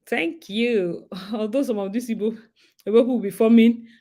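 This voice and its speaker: Animated Nigerian woman chatting. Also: on the high side, fast. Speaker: host. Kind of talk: casual monologue.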